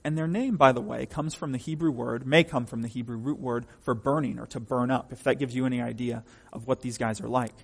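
A man's voice: mid-range voice, fairly even intonation, brisk, gravelly, hardly any pauses, long reverb tail. A man preaching a sermon from the pulpit, emphatic and often asking the congregation questions. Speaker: pastor.

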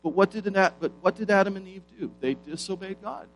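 Male preacher, slightly high pitch, emphatic and questioning delivery, faint guitar underneath. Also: rough recording. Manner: emphatic, rhetorical questions, slows for stress. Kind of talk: sermon.

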